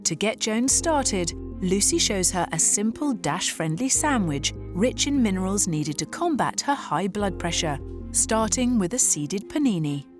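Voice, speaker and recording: A woman narrates a documentary in a clear, measured voice-over, her pitch rising and falling freely. Steady music plays underneath her. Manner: clear, measured explanatory delivery. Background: background music.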